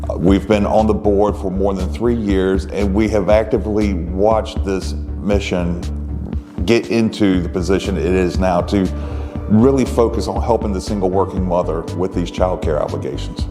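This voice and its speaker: A man with a fairly low voice gives a measured, formal thank-you speech as a foundation's board chair. His words ring out with a long reverb, and music plays clearly behind him. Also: fairly even intonation.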